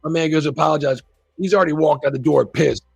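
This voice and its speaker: A man's voice: a little high, fast, vocal fry, breathy edge, dry recording, muffled recording, soft background music. A man giving a loose, rambling, profane recap and review of a TV episode, acting out the characters' lines as he goes. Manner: rambling, swears a lot, acts out quoted lines. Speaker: show reviewer.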